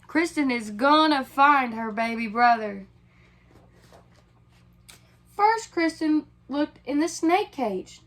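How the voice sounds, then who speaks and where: A woman reading a children's picture book aloud, pausing to ask her listeners questions. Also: high-pitched, expressive, fairly bright tone, low-quality recording.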